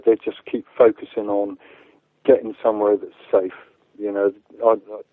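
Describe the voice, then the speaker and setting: An activist guest answers interview questions earnestly, his speech halting as he stumbles and repeats words often. His fairly low voice comes through a tinny, phone-like line that is thin and narrow, yet dry and close with no room sound.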